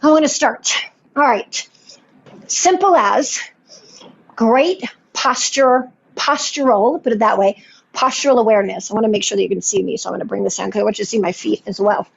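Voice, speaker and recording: A woman's voice: mid-range voice, fairly even intonation, fairly quick, creaky, slightly rough, muffled recording. A woman Pilates instructor giving a live class and cueing each movement while she does it, encouraging throughout.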